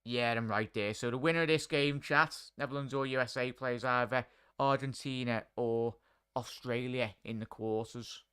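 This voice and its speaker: A man's voice: mid-range voice, steady tone, normal speed, pushed and bright, clean tone. A man hosting a live football watchalong, chatting with viewers as he calls the play. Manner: chatty, addresses chat and viewers by name. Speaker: watchalong host.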